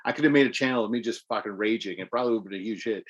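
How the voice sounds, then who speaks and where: A man's voice: fairly low pitch, racing, highs cut off. A man co-hosting a podcast, casually recounting game battles step by step and swearing freely. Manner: rambling play-by-play, profane. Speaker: podcast co-host. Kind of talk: casual gaming chat.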